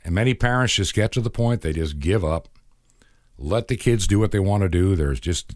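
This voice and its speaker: A low-pitched, expressive, somewhat mellow voice moves at a moderate pace as a middle-aged man hosts a radio program. He gives an earnest, preachy monologue and acts out quoted dialogue, in a studio-quality recording with no echo.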